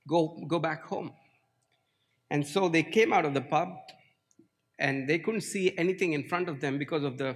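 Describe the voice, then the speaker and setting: A man preaching a sermon, telling a story slowly and earnestly, then leading into prayer. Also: fairly high pitch, fairly bright tone, big-room sound. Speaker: pastor.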